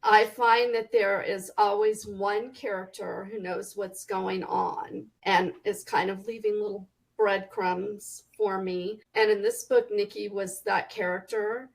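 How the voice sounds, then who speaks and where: A woman's voice: medium pitch, vocal fry, rough recording. A woman from Texas, a guest author chatting casually and animatedly in a podcast interview. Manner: chatty and animated, quick restarts.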